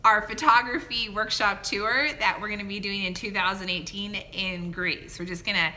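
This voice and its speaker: Very bright, giggly mom hosting a livestream. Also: female voice, medium pitch, steady tone, moderate pace. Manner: giggly, chatty, hesitant fillers. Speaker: mother and channel host. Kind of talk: casual family livestream Q&A.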